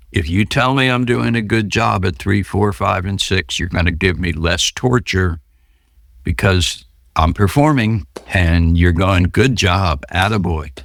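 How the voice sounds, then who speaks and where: A man with a deep, creaky voice yet fairly bright tone is recorded in clean studio sound with no echo. Interviewed as a podcast guest about his recovery, he tells stories and performs the voices of the people he quotes.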